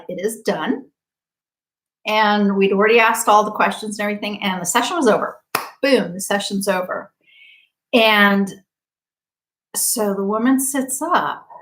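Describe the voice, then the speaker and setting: A woman practitioner telling a story in a casual monologue, lively and chatty, full of fillers and acted-out quotes. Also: mid-range voice, poor audio. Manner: animated, acts out quoted speech. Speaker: quantum healing practitioner.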